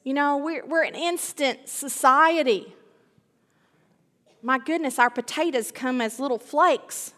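A woman's voice: sits high, a little slow, a bit bright. A middle-aged woman preaching a sermon, emphatic, repeating key phrases and building in intensity. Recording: long reverb of a large hall.

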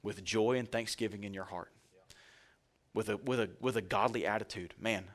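A man's voice: on the low side, normal speed. A male pastor giving a sermon in a conversational, joking way, speaking directly to his congregation.

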